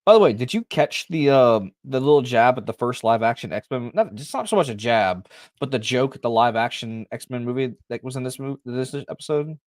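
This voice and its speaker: A man's voice: mid-range voice, lively intonation, moderate pace, dry recording, clean studio sound. Rambling, eager man recapping a scene. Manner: rambling, full of restarts and fillers, eager storyteller. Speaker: podcast co-host. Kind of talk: casual livestream chat.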